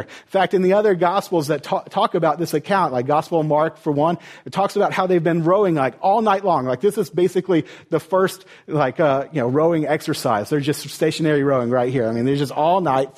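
A man preaching a sermon as a pastor, retelling the story with lively rhetorical questions. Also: a little high, fairly quick.

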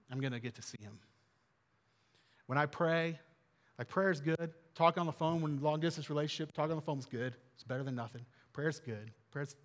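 A man's voice: on the high side, big-room sound. A man preaching a sermon as a pastor, earnest and conversational, repeating phrases and rising for emphasis.

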